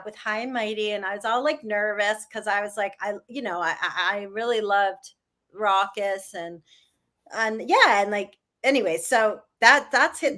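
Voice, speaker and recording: A middle-aged woman, a guest musician, telling stories in a casual, rambling interview with lots of "like" and animated asides. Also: mid-range voice. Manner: rambling, heavy use of "like", animated.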